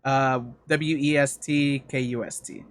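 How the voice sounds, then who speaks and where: A man's voice: mid-range voice, steady tone, measured pace, no room sound, clean studio sound. A man co-hosting a podcast in casual chat, rambling with fillers as he recommends songs. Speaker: podcast co-host.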